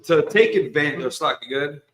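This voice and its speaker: A man's voice: on the high side, animated, brisk, fairly bright tone, echoey room. A man leading an informal Bible study, speaking loosely and with jokes and slang. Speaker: Bible class teacher. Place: room at a religious gathering.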